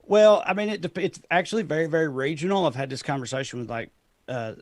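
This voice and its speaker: A man's voice: fairly high pitch, quick pace, dry recording. Tennessee-accented man, laughing and rambling. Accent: Southern US, Tennessee. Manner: rambling, self-deprecating, laughs often. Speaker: comedian guest. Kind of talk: casual interview chat.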